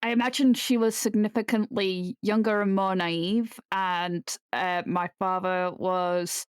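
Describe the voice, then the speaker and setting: A woman's voice: medium pitch, steady tone, measured pace, clear, resonant tone, no room sound. A woman playing a tabletop game, speaking with dry, teasing humor. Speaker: player. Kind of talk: in-character tabletop role-play.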